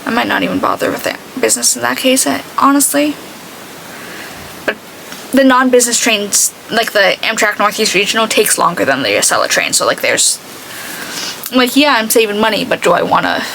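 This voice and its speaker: A woman's voice: mid-range voice, lively intonation, brisk, gravelly, sharp tone, slight background noise, poor audio. A young woman chatting casually while doing her makeup, rambling and full of "like". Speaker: beauty vlogger.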